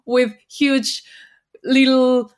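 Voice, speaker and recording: A woman from Mexico speaking English with a Mexican Spanish accent, her voice sitting a little on the high side. She is an interview guest who tells lively stories and laughs often. Spanish is her first language. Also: very slow. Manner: laughs often, animated storyteller. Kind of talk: casual interview chat.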